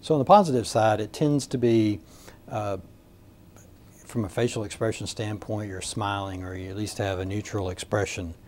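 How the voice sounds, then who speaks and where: A man teaching a recorded lesson on communication in a measured, explanatory way, with frequent "uh" fillers. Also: on the low side, fairly even intonation, darkish tone, slight background noise. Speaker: communications instructor. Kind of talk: recorded lecture.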